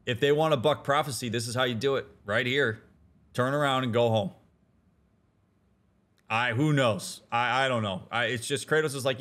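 A man giving casual, animated let's-play commentary as a therapist, talking in slang with restarts and leaping into excited outbursts. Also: mid-range voice, normal speed. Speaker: therapist commenting on a video game.

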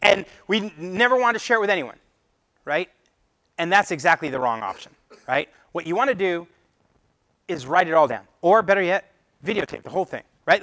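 A man speaking at a meetup, giving a lively presentation and acting out conversations with clients. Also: sits high, a little fast, pauses often, no echo, poor audio. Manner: animated, acts out client conversations. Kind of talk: live presentation to a meetup audience. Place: meetup room.

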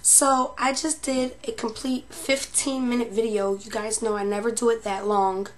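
Emotional woman vlogger, slightly high voice. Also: flat delivery, normal speed. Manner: emotional, talks to viewers as "babes". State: losing her voice. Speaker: paranormal vlogger. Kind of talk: casual chat to viewers.

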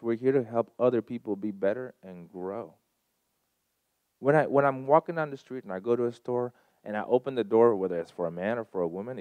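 A man's voice: medium pitch, no room sound, muffled recording. Earnest man giving a personal talk. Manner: earnest, storytelling, emphatic swings in loudness. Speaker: speaker at a community gathering. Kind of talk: personal talk to a live audience.

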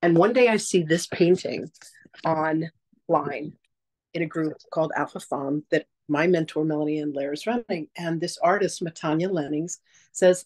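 Chatty woman, animated spiritual teacher. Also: on the low side, moderate pace, rough recording. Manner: chatty, animated storytelling with put-on quotes. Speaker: psychic teacher. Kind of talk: casual masterclass talk.

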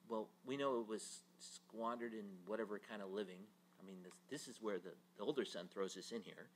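Guy teaching bible class, bright lively voice, keeps asking the room questions. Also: on the low side, moderate pace. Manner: animated storytelling, acts out quotes, rhetorical questions.

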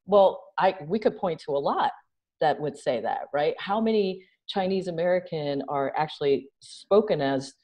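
Brief: woman guest from New York City, low warm voice, animated interview talk. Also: moderate pace. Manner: animated, acts out quoted dialogue, frequent "right?". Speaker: interview guest, nonprofit founder. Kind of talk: conversational interview.

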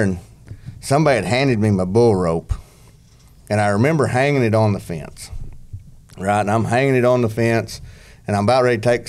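A man's voice: lowish voice, darkish tone. A man, a former bull rider telling a rambling story on a podcast, full of restarts and country slang.

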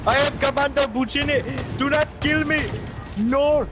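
A man's voice: extremely high pitch, fairly even intonation, a little slow, background noise, pitched above the performer's own voice. A man putting on a whiny begging warlord. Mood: pleading. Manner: whiny, begging, self-important. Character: pleading boastful male enemy commander.

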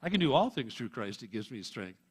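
A man's voice: mid-range voice, sing-song, fairly quick, slightly rough. A male pastor preaching a sermon in a church, emphatic and punchy, with wry humor and chuckles. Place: church sanctuary.

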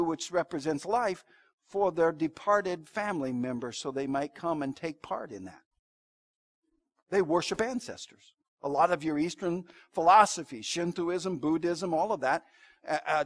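A man. He talks to the congregation in a conversational way, telling stories and pushing his points with sudden emphatic rises. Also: a little high. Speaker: pastor. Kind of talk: sermon. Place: church sanctuary.

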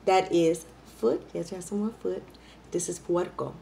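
A woman's voice: fairly low pitch, normal speed, creaky. Chatty woman vlogger hyped on coffee. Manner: lively, chatty, playful, says y'all a lot. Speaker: mukbang vlogger. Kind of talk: casual eating vlog chat to viewers.

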